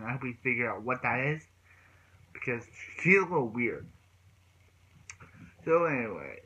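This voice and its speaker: A man's voice: mid-range voice, pushed and bright, lo-fi sound, slight background noise. A man recapping a TV episode in a casual, rambling way, restarting his sentences often. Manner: rambling retelling with many restarts. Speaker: TV show reviewer.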